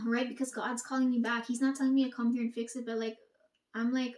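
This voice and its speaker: A woman's voice: a little high, fairly even intonation, a little fast, darkish tone. Swearing, rambling woman in an echoey room. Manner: swears often, rambling and emphatic. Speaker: vlogger talking to her audience. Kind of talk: casual rambling monologue.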